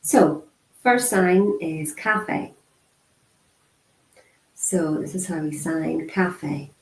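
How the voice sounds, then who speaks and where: Woman, lowish voice, unhurried lesson delivery with repeated words, roomy echo. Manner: slow and measured, repeating single words with pauses; frequent throat clearing and fillers. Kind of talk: interpreted beginner lesson, spoken aloud.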